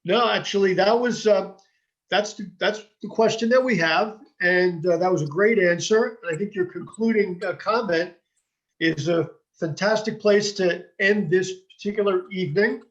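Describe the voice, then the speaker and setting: A man moderating a lecture's question session, speaking haltingly with many restarts and fillers. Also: high voice, a bit bright. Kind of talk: hosting a lecture Q&A. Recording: dull lo-fi audio.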